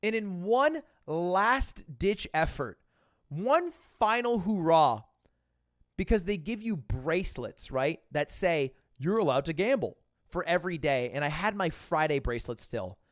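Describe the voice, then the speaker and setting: Young male streamer, animated storyteller who swears freely, dry close sound. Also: on the high side, unhurried, no room sound. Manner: animated, profane, acts out quotes. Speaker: livestreamer. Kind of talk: casual storytelling.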